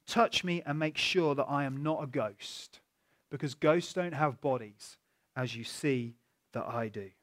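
A man preaching a sermon, telling stories in a chatty, animated way and asking the listeners rhetorical questions. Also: mid-range voice, unhurried.

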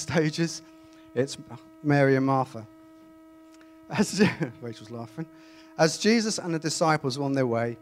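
A man reading scripture aloud and then preaching in a chatty, animated way to a congregation. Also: mid-range voice. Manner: conversational, animated, self-interrupting. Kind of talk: Bible reading and informal sermon. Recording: faint mains hum.

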